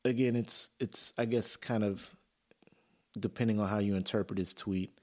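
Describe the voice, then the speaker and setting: A man's voice: fairly low pitch, steady tone, moderate pace, a little mellow. A man hosting a podcast, talking earnestly and emotionally in a personal monologue, with casual fillers and swearing. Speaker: podcast host.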